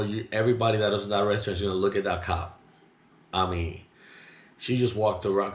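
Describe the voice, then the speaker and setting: Middle-aged man, low register, indignant loud talker, casual monologue, echoey room. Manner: rambling, indignant, talks loud. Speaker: vlogger. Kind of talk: casual monologue, recounting an incident. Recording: roomy echo.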